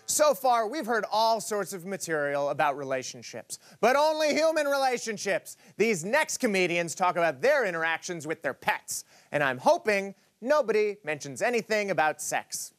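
A lively, fairly high male voice hosts a comedy show, delivering its scripted links between acts with dry wit. Soft music plays under him. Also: normal speed, hardly any pauses. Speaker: host.

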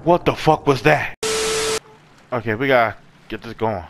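A man commentating a horror game, excitable and profane, yelling and gasping at each scare. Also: medium pitch, moderate pace, noisy background. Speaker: gaming YouTuber. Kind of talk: horror let's play commentary.

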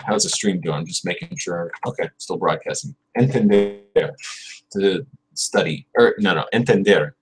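A man hosting a casual livestream, thinking aloud and chatting with viewers while he drills verb conjugations, repeating words slowly and correcting himself. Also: low-pitched, slightly rough, faint music behind, rough recording. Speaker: livestream host studying Spanish.

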